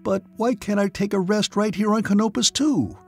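A man's voice: mid-range voice, a little fast, a little mellow, soft background music, natural voice. A man voicing a heated young starship man. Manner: heated, protesting. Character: angry young male starship-line man.

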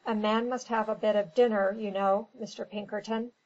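A woman's voice: medium pitch, steady tone, normal speed, darkish tone, muffled recording, natural voice. A woman reading a storybook, voicing a lazy, touchy ship's captain who grumbles indignantly.

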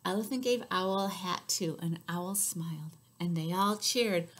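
A woman librarian leading a children's story time, reading aloud with sing-song rhymes, loud cheers and whispered asides. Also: on the low side, animated, slow pace.

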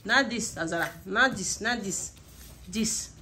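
A woman's voice: medium pitch, measured pace, pushed and bright, slight background noise. A young mother at home giving her child a patient, coaxing lesson and repeating praise.

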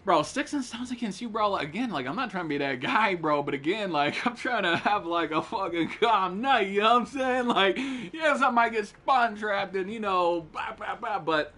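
A young man streaming a shooter game, cursing and trash-talking with friends in excited, loud outbursts. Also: sits high, normal speed, few pauses. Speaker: gaming streamer. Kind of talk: live gameplay commentary with friends.

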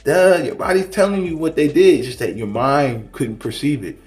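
A man's voice: on the high side, expressive, normal speed, a little mellow, roomy sound. A man giving a rambling, preachy spiritual monologue in a casual vlog, full of slang and restarts. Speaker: spiritual vlogger.

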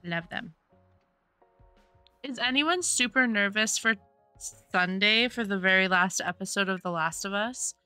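A woman's voice: medium pitch, measured pace, pauses often, pushed and bright, clean tone, no room sound, soft background music. A woman streaming a life-sim game, chatting casually and gushing with thanks to her chat. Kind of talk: casual gameplay commentary. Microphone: desktop USB microphone.

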